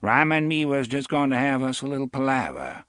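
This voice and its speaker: A man's voice: medium pitch, sing-song, brisk, fairly bright tone, no room sound, clean studio sound, pitched above the performer's own voice. A man voicing a menacing older gunman with a wavery, sneering voice in an audiobook. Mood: curt. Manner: sneering, mocking. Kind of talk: audiobook character voice.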